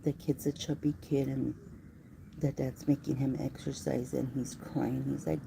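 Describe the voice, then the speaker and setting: A woman chatting casually with viewers on a live stream, often dropping into a hushed voice. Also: very deep voice, little pitch movement, a little slow, vocal fry. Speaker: livestream host. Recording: noisy phone livestream.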